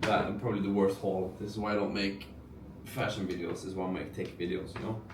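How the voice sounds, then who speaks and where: A man's voice: low voice, little pitch movement, quick pace, background noise. A man in his twenties vlogging casually, rambling with fillers and restarts. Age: 20s. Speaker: entrepreneur vlogger. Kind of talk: casual vlog narration.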